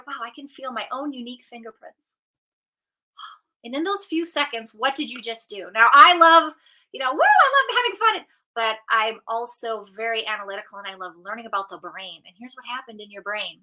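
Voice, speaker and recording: A middle-aged woman coach giving an animated motivational talk, acting out inner voices as she goes. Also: sits high, low-quality recording. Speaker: positive intelligence coach.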